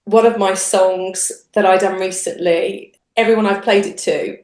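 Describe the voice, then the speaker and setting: Lively woman in a roomy echo. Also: measured pace. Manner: animated, acts out quotes with big pitch jumps, frequent restarts. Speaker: guest, singer-songwriter and radio host. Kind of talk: casual interview chat.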